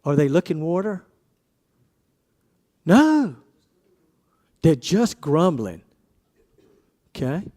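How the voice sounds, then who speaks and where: A man's voice: a little high, big pitch swings, very slow, pauses often, dark tone. A man preaching a casual sermon, asking his congregation questions and acting out quoted voices.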